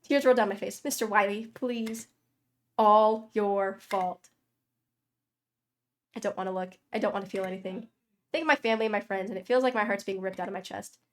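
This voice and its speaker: A woman streamer reading a story game aloud, a dramatic reading broken by loud, sweary reactions. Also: mid-range voice, very fast.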